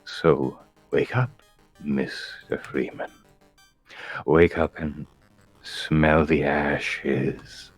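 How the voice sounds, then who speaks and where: A man's voice: very deep voice, steady tone, very slow, long pauses, soft background music, exaggerated voice. A man doing a voice impression of a cryptic, unsettling suited man with drawling, oddly stressed phrasing. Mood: ominous.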